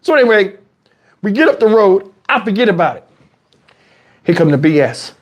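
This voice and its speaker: Man, high voice, swinging pitch, casual profane storytelling, chatty. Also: normal speed. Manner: animated, profane, conversational. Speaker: streamer telling a story.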